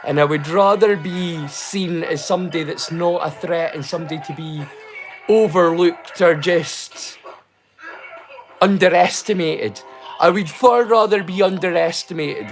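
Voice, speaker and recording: A man's voice: on the high side, unhurried, faint music behind, low-quality recording. A man with a Northeast Scottish accent, hosting a livestream in a casual, rambling, joking way. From Scotland. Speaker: livestream host.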